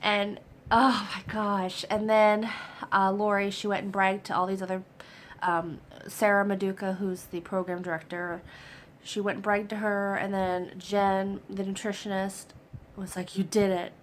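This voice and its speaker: Young adult woman vlogger, chatty and excited, slightly cold-affected, average pitch, light noise behind. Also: normal speed. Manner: excited, chatty, lots of fillers. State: getting over a cold. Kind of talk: casual personal update.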